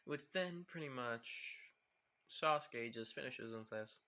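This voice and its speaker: A man's voice: mid-range voice, takes it slowly, pushed and bright. A young man casually improvising a fan story, rambling with many fillers. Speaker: fan fiction narrator.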